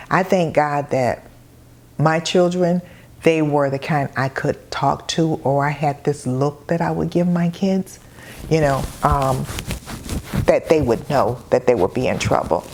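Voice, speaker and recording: A woman's voice: deep voice, a little mellow. A middle-aged woman hosting a casual advice talk, telling stories from her life and acting out quoted voices. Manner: conversational, storytelling, acts out quoted voices. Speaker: host.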